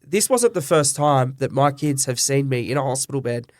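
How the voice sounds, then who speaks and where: A middle-aged Australian man, a butcher and business owner, tells stories as a guest in a candid interview. His medium-pitched voice is expressive and moves at a moderate pace, and he is earnest and emotional, acting out quoted dialogue. The sound is dry and close, with no room echo.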